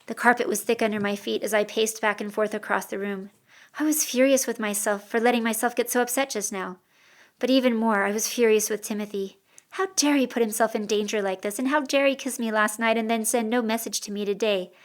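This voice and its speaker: A woman reading a first-person audiobook in a measured, expressive storytelling voice. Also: on the high side. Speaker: audiobook narrator.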